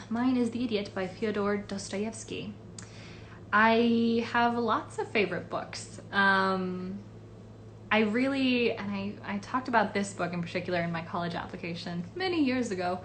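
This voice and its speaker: A woman's voice: medium pitch, a bit bright, a little hiss or hum. A woman voice actress answering fan questions in a casual livestream, chatty and rambling with many fillers. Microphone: phone or webcam livestream.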